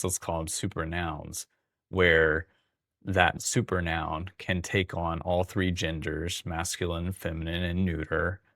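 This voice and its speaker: A man's voice: deep voice, a bit bright, no echo, clean studio sound. A man casually explaining Greek grammar, thinking aloud with fillers and restarts. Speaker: Greek teacher. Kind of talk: casual teaching monologue.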